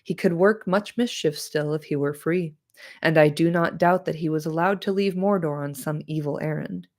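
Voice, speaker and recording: Woman reading as a steady, stern ranger. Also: low voice, normal speed. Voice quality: nasal.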